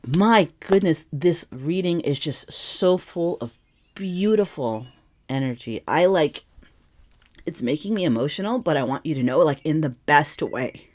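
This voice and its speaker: A woman's voice: low-pitched, expressive, unhurried, a little mellow. A woman giving a casual tarot reading to camera, rambling and emotional, often correcting herself mid-sentence. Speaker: tarot reader.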